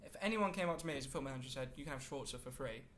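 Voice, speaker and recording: A man's voice: medium pitch, racing, a bit bright, slight background noise. A man co-hosting a casual football podcast, talking in a rambling way with many fillers. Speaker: podcast co-host.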